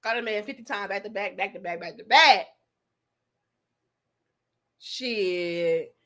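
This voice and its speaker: A woman in her thirties hosting an online show, telling a story to her live chat. She is candid and profane, and she swings between loud outbursts and low asides. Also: slow.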